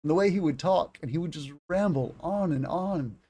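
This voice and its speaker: A man in his thirties leads a livestreamed English lesson, explaining each word in a chatty way with stories from his own life. His voice sits a little higher than most men's. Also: moderate pace, dark tone. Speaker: English teacher.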